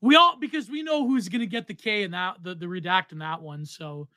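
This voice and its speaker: A man in his thirties co-hosting a casual podcast, reading out donations with loud, excitable exclamations. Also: sits high, a little fast, no room sound. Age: 30s. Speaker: podcast co-host.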